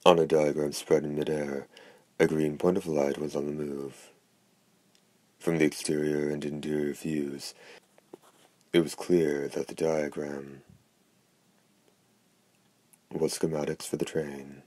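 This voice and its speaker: Guy reading an audiobook, super low voice, really flat and steady. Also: measured pace, dry recording. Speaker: audiobook narrator. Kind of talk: scripted narration.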